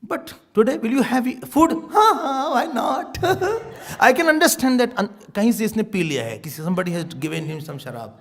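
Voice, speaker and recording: A man giving a sermon as a spiritual teacher, telling stories in an animated way and laughing often. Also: extremely high pitch, very fast, hardly any pauses. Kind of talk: sermon with storytelling.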